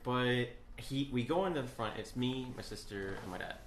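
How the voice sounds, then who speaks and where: A man casually telling a story on a podcast, animated, swearing and laughing often. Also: mid-range voice, moderate pace, noisy background. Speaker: podcast co-host. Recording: echoey room with faint ambience.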